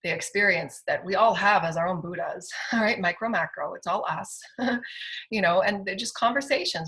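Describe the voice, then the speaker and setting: A woman's voice: mid-range voice, moderate pace, pushed and bright, poor audio. A middle-aged woman, a spiritual healer, giving an inspirational spoken monologue in an emphatic way and repeating affirmations.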